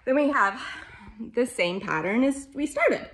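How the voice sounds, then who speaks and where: A woman's voice: on the high side, expressive, measured pace, fairly bright tone. A woman giving a casual home music lesson, enthusiastic and passionate, singing note syllables as she explains, filmed on a phone with her baby nearby. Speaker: music teacher. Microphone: phone camera.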